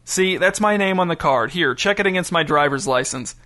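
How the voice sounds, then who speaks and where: A middle-aged working father lays down the law to his grown son, as a male audiobook narrator voices him. He speaks in a firm, lecturing way. The voice is a bit high and forceful. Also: a little fast. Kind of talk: audiobook character voice.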